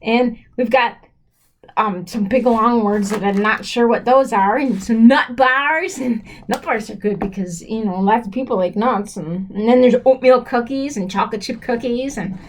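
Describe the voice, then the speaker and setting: A woman with a slight cold talks in a rambling, childlike way. She is halting and excitable, full of ums and restarts, and breaks into giggles. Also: a little high, a little hiss or hum. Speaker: storyteller character.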